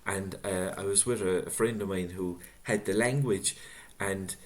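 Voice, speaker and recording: Male moderator, middle-aged, unhurried and reflective, light dry humor, video-call sound. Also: deep voice, steady tone. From Ireland. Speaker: author interviewer reading audience questions. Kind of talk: casual book-event conversation.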